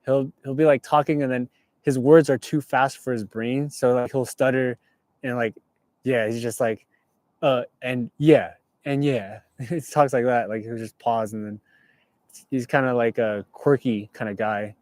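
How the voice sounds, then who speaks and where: Chill young guy from california talking to his live chat from his car, mid pitch, dry close clip mic. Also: steady tone, moderate pace, a little mellow, dry recording. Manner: laid-back, reading viewer comments aloud. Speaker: livestream host. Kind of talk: casual livestream chat. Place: inside a parked car.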